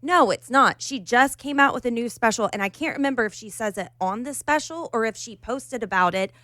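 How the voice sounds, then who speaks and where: A woman's voice: a little high, brisk, bright, forceful tone, no echo. Chatty woman, dry close sound. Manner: enthusiastic storyteller with restarts. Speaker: podcast co-host. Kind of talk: casual chat.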